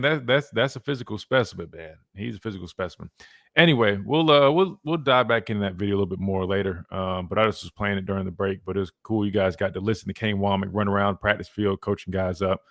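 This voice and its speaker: A man's voice: fairly low pitch, fast, fairly bright tone, no room sound. Brief: thirties male sports radio host, loose and chatty, dry close studio sound. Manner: laid-back, rambling, lots of "man". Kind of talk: casual sports talk. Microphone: studio mic.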